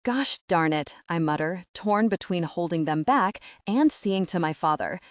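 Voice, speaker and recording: Low-voiced woman narrating an audiobook. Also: moderate pace, no echo, studio quality. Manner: tense, urgent reading that rises at shouted lines. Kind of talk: first-person audiobook narration.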